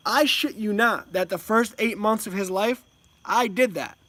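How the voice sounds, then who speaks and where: A man's voice: high-pitched, a little slow, pushed and bright, dry recording. A man speaking as a homeschooling parent in a casual monologue, rambling with many ums and restarts at home.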